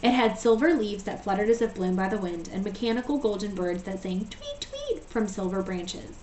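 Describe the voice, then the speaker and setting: A woman teacher reading a storybook aloud in a steady, gentle way. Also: medium pitch, brisk, a little hiss or hum. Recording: echoey room, voice far from mic.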